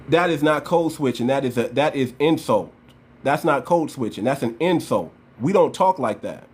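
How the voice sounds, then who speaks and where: Speaking directly to his audience, a US channel host offers passionate political commentary, full of slang and emphasis, going over his points again and again. He has a medium-pitched, sing-song voice, takes his time, and there's a bit of background noise.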